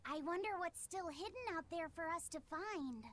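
An eager, high-voiced young girl. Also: normal speed, a little hiss or hum. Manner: excitable, enthusiastic. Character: eager young girl pirate crew member. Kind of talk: game dub dialogue.

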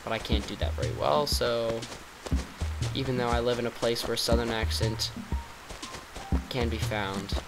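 A man's voice: mid-range voice, level tone, normal speed, pauses often, low-quality recording. A man doing casual let's-play commentary as a gaming vlogger, chatty and rambling, with playful sarcasm. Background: loud game music.

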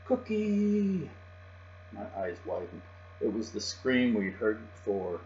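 Man reading a kids' storybook, mid-pitched, soft and even; dull lo-fi recording, faint hum. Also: a little slow. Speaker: storybook reader. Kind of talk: reading a picture book aloud.

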